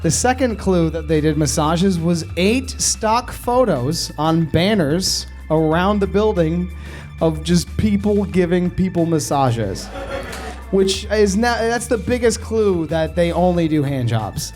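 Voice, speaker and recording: Male comedian, higher voice, rambling comic storytelling, faint music under. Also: animated, slow, a little mellow. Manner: rambling, self-interrupting, laughing through the telling. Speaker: comedian telling a story on a podcast. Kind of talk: stand-up style comic storytelling.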